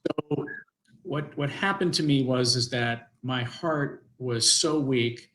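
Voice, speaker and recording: A man's voice: mid-range voice, poor audio. An older man, a guest on an interview show, telling a personal story in a rambling way, with many restarts and acted-out quotes.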